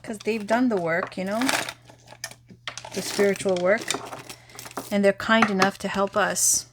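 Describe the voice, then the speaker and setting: In an unhurried, mid-range voice, a tarot reader chats openly through a reading and guided affirmation, tossing in lively asides and noting that her voice is going. There's heavy background noise in the recording.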